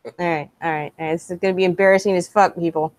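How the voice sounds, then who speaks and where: A woman's voice: lowish voice, fairly even intonation, very fast, a little mellow, dry recording. Chatty, sweary woman on a dry mic. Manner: chatty, sweary, laughs easily. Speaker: podcast co-host. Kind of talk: casual chat.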